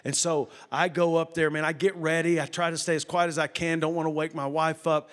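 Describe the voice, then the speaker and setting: A middle-aged man, preaching a sermon and telling a story, swinging from loud bursts to hushed retelling. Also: on the high side, level tone, fairly quick. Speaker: pastor.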